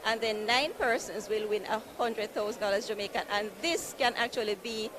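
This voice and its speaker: A woman's voice: a little high, fairly even intonation, moderate pace. Upbeat saleswoman on a noisy floor. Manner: upbeat, persuasive, repeats easy and convenient. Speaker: building society representative. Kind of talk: sales pitch at an expo booth. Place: conference marketplace floor.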